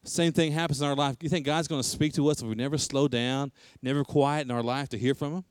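A man's voice: medium pitch, fairly even intonation, fast talker, smooth, no room sound, clean studio sound. A middle-aged man, a pastor, preaching a sermon and repeating lines for emphasis.

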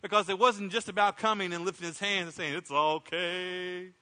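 A man's voice: high voice, fairly even intonation, quick pace, sharp tone. A middle-aged man preaching a sermon as pastor, impassioned, acting out prayers in a raised voice. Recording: long hall reverb.

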